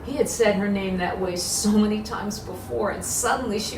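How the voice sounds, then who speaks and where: A woman leading children's worship, telling a Bible story with big expressive swings, recorded in a roomy space from a distance. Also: medium pitch, moderate pace, few pauses. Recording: echoey room, distant mic, faint hiss.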